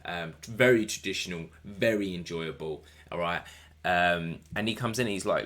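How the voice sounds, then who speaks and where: A man's voice: sits low, moderate pace, a bit bright. A man giving a solo wrestling review, enthusiastic and rambling and swearing casually.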